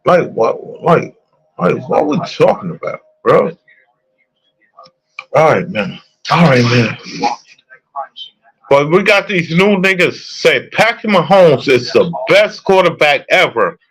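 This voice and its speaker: A young man delivers a heated, profane sports rant, hammering the same points again and again. His voice sits a bit high and swings widely up and down as he talks. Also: sing-song, takes it slowly, long pauses, a bit bright, rough recording. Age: young adult.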